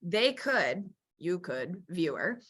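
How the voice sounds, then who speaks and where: Bright, bubbly woman co-hosting a chatty podcast. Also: fairly low pitch, sing-song, slightly rough. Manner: bubbly, laughs often, talks in quick asides. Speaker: podcast co-host. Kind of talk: casual chat.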